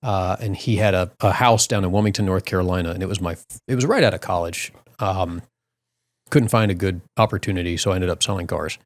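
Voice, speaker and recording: A middle-aged man telling a long comic story on a casual podcast, his voice jumping up into loud yelps when he quotes himself. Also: deep voice, brisk. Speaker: podcast co-host.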